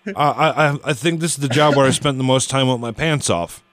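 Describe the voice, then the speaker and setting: A man's voice: medium pitch, a little fast, heavy background noise. A man hosting a radio show in a studio, ranting bluntly and grumbling in casual banter. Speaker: radio host.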